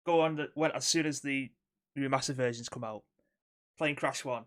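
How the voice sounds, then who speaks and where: A man's voice: mid-range voice, fairly even intonation, normal speed, a bit bright. A man co-hosting a podcast in casual chat, swearing freely and reacting to his partner. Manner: sweary, reactive, laughs along. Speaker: podcast co-host.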